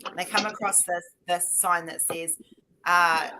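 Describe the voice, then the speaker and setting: A woman's voice: fairly low pitch, fairly even intonation, a little slow, background noise. An Australian woman hosting a live art stream, chatting casually and telling rambling stories with plenty of laughter. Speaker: live stream host and artist. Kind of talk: casual chat.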